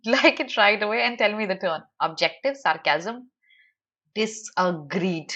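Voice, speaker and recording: A woman with an Indian English accent, a native Hindi speaker, teaching a live online lesson, animated and teasing, firing off rhetorical questions. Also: mid-range voice, a little slow, muffled recording.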